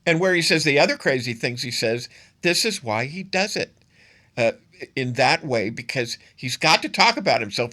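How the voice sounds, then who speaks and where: A man hosting his own political commentary show, talking in a bright, forward voice. He leans hard on his points and repeats phrases to drive them home. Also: medium pitch, big pitch swings, moderate pace. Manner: emphatic, repeats phrases for stress.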